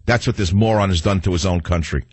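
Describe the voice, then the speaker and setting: A man's voice: low voice, fast, a little mellow, breathy edge, no echo. A middle-aged man hosting a talk radio show, ranting combatively and taking calls. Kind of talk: talk radio monologue and call-in.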